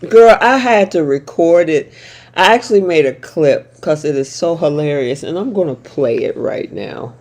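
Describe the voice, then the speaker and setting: A woman's voice: sits low, lively intonation, normal speed, darkish tone. A woman hosting a casual soap opera recap chat, talking playfully and laughing often. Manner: chatty and laughing, with playful asides.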